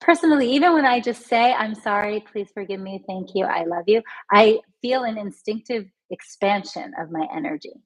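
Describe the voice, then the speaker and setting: Breathy woman coaching emotional healing. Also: mid-range voice, expressive, rough recording. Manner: gentle, repeats healing phrases slowly; talks straight to viewers, reads their comments aloud. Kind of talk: live online healing lesson.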